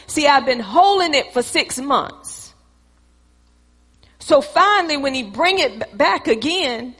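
High-voiced woman preaching in a reverberant hall. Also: a bit bright. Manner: dramatic, acts out both sides of an argument; repetitive, preacherly cadence. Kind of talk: sermon with acted-out dialogue.

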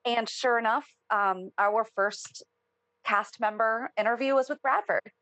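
A woman co-hosting a podcast, talking in a chatty, quick, casual way. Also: on the high side, fairly bright tone, no echo. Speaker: podcast co-host. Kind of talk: casual chat.

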